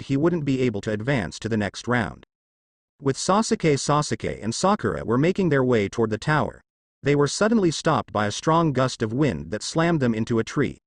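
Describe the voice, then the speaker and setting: A man narrating a fanfiction story in a steady storytelling manner. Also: mid-range voice, no echo, studio quality. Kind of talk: fanfiction reading.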